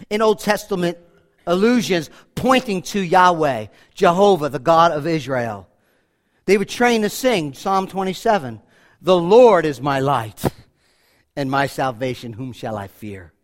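A man preaching a sermon, animated, slowing down for quotations and often repeating and restarting his phrases. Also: sits high. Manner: animated, dramatic swings in volume, slows for quotations.

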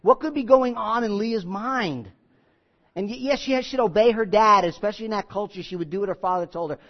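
A man's voice: high-pitched, fairly quick. A male pastor preaching a sermon in a folksy, joking way that turns earnest and emphatic. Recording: slightly muffled recording.

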